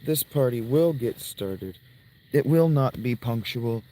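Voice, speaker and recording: A man's voice: mid-range voice, expressive, slow pace, mellow, poor audio. A man chatting casually to his livestream viewers from inside a tent outdoors, rambling and making crude jokes. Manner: crude, joking, rambling asides to chat. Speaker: live streamer.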